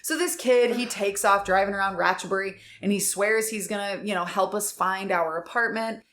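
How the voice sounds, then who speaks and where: A young adult woman co-hosting a podcast, telling a story in casual chat, animated and laughing, acting out quotes with big leaps in her voice. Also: medium pitch, moderate pace. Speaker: podcast co-host.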